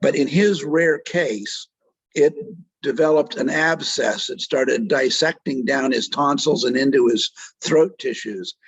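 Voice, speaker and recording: A middle-aged man with a husky, slightly rough voice tells a story in an interview. He is earnest and moved, and acts out the voices of the people he quotes. The recording is dry and close, with no room sound. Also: mid-range voice, measured pace, dry recording, low-quality recording. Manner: vivid retelling that acts out quoted speech. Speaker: doctor and author being interviewed.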